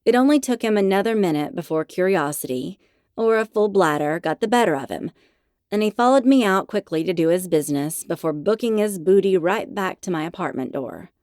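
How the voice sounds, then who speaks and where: A woman's voice: on the low side, lively intonation, fairly quick, a little mellow, no echo. A woman narrating a first-person audiobook in a wry, self-mocking storytelling manner, close to a studio mic.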